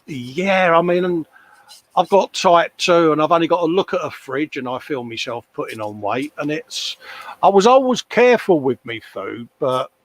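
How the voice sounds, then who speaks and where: A man's voice: fairly high pitch, expressive, moderate pace. An older man chatting casually at his workbench, laughing often and reading out viewer comments. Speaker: co-host. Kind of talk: casual livestream chat. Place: home workshop.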